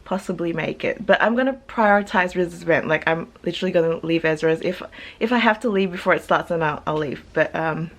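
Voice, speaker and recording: A woman's voice: lowish voice, a little fast. A young woman, chatting casually to camera in a vlog, full of ums and likes and laughing often. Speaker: vlogger.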